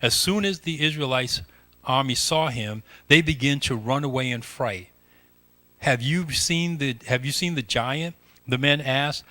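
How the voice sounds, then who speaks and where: American male pastor, bright tone, reads scripture with restarts and asides. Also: mid-range voice, a little slow. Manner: reads with restarts, breaks into playful voices and laughs. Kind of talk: sermon, reading scripture aloud with commentary.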